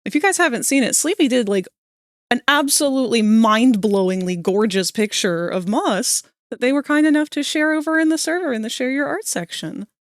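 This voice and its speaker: A young woman streaming live while drawing, chatting casually with her viewers, sleepy but breaking into animated, laughing bursts. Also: fairly high pitch, a little fast, no room sound, clean studio sound.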